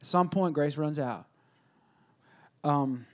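A male pastor preaching a sermon, swinging from loud, emphatic bursts to low, quiet asides and acting out conversations with himself. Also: lively intonation, a little slow, long pauses. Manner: acts out conversations, asking and answering himself.

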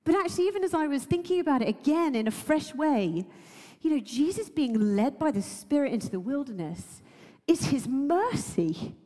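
A woman's voice: high-pitched, very animated, moderate pace, mellow, big-room sound. A woman preacher giving a sermon, earnest and emotional, laughing now and then and using many fillers.

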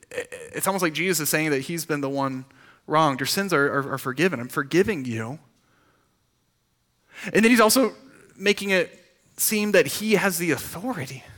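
A man delivers a sermon in an easy, conversational manner. His voice is bright and sits a touch high. He restarts phrases often and keeps asking the room questions. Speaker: pastor.

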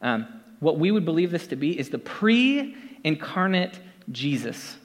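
A man's voice: a little high, big pitch swings, measured pace. A man preaching a casual, conversational sermon to his congregation, with lots of fillers and asides. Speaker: pastor. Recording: long hall reverb.

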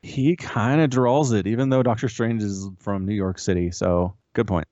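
Give me a rambling, animated man on a podcast, with a muffled, dull recording. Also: normal speed, no room sound. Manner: rambling, animated, jumps up in pitch when amused. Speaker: podcast co-host. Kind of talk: casual chat.

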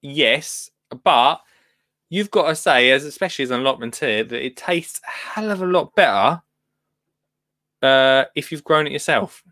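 A man's voice: mid-range voice, animated, normal speed, bright, forceful tone, dry recording, clean studio sound. A man presenting a radio show, bantering easily and laughing with his co-host. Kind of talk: casual radio chat.

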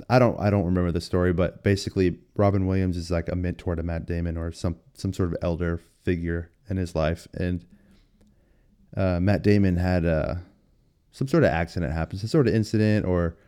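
Casual solo podcast host, young man, deep warm smooth voice, loose and rambling. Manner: rambling, self-deprecating, lots of fillers.

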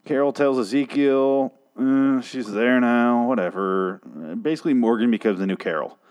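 A hoarse man reviewing a TV episode in a casual, rambling way, swearing and restarting his sentences in exasperation. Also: medium pitch, expressive, moderate pace, a little mellow.

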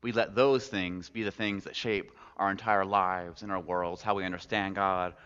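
A man's voice: sits low, steady tone, normal speed, fairly bright tone, clean tone. A man preaching in a church, telling a story expressively, then reflecting on it. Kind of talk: sermon storytelling. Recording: dull recording with long hall reverb.

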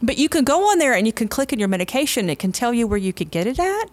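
A woman's voice: on the high side, fast. A woman, a nurse co-hosting a podcast, talking casually with a slight lisp from braces. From United States. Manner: chatty, animated asides.

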